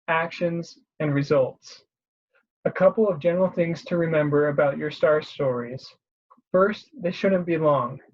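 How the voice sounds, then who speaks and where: A husky, slightly breathy voice talks through a lesson in a steady, clear way, with a few small restarts. The recording is dull and lo-fi, as if made on a modest mic. It sounds like a presenter giving a plain voice-over explainer. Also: medium pitch. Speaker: career advice presenter. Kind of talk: instructional voice-over.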